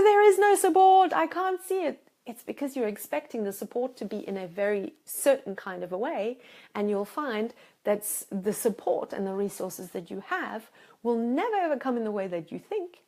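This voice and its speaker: A woman's voice: medium pitch, expressive, moderate pace, dark tone. A woman life coach giving a motivational talk to her own camera, emphatic and repeating words for stress. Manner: acts out anxious inner voices. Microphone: self-filmed camera.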